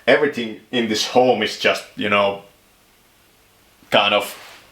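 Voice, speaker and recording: A man's voice: on the low side, steady tone, moderate pace, fairly bright tone, roomy sound, slight background noise. A man from Finland, rambling jokingly through a casual monologue in his home kitchen. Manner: joking, rambling, laughs often. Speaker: vlogger.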